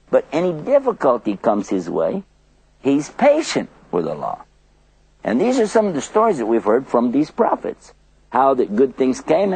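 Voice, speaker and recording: Older male preacher for a children's talk, gravelly, animated delivery, acts out small scenes. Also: mid-range voice, dry recording, low-quality recording. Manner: animated, acts out little scenes in different voices. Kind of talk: children's religious storytelling lecture.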